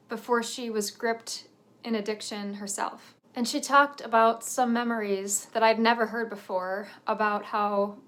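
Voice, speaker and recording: A woman's voice: on the high side, a bit bright. A woman in her thirties, an author telling a personal family story in an earnest, reflective way, with a few nervous laughs.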